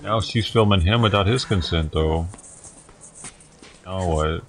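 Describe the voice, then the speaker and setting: A man's voice: low-pitched, a little slow, a little hiss or hum. A man giving casual reaction commentary, crude, joking and sarcastic. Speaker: streamer reacting to clips.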